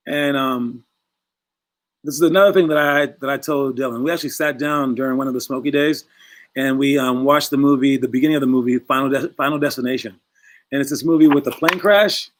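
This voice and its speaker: A man's voice: mid-range voice, fairly quick. A young man coaching his basketball players in a casual, rambling talk full of little asides. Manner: chatty, rambling, acts out voices in quotes.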